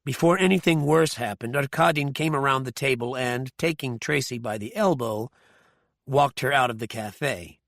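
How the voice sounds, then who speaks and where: Gravelly male audiobook narrator. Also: mid-range voice, moderate pace, fairly bright tone, no room sound, clean studio sound.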